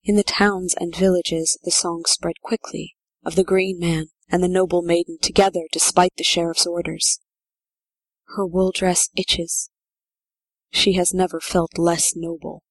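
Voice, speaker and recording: Low-voiced woman narrating a story. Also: dry recording. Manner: measured, steady storytelling.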